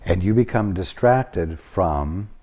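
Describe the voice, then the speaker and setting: A man giving a spiritual teaching talk to a study group, measured and deliberate, with long pauses. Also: deep voice, expressive, noisy background.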